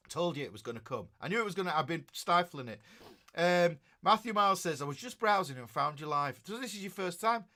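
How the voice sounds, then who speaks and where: A man's voice: high voice, expressive, normal speed, pushed and bright. A middle-aged man, a guitar teacher chatting casually on a livestream and reading out viewer comments in a rambling way.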